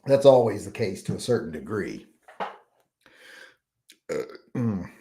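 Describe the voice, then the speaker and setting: Man, livestream host, casual chat, rambling, clears throat often, lively pitch. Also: a little slow.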